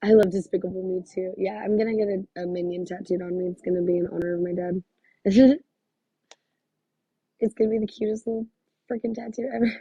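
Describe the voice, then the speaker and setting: Gushing psychic medium woman, husky and mellow. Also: fairly low pitch, fairly even intonation, a little fast, no echo, muffled recording. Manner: gushing, exclamatory, thinks aloud with many fillers. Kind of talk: live psychic reading, casual chat.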